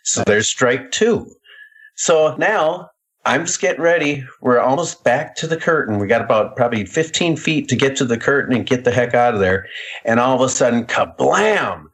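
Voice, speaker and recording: A man on a podcast recounts a rough night with wry timing, stacking up the mishaps toward a punchline. His voice is mid-pitched and plain. He talks in an easy, conversational way. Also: moderate pace, a bit bright. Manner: wry, builds a story to a punchline. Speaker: guest, former wrestler. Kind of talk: casual anecdote telling.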